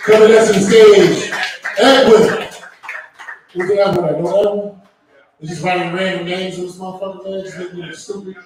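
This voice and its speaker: A man's voice: sits high, fairly even intonation, normal speed, pauses often, a crowd in the background. A man hosting an open mic, calling up comics from a list in a loose, joking way with swearing. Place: bar stage at an open mic. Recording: echoey room, taped from far off.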